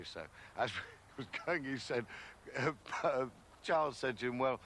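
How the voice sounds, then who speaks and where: A man's voice: medium pitch, fairly quick, fairly bright tone, a little hiss or hum. Guy gleefully telling a backstage story, mid voice. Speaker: entertainer telling an anecdote. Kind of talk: anecdote.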